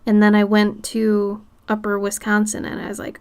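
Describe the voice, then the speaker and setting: Creaky-voiced woman with light Minnesotan accent. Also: mid-range voice, completely flat delivery, moderate pace. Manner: chatty and laid-back, drifting into soft murmurs while working. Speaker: art streamer. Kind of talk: casual livestream chat while drawing.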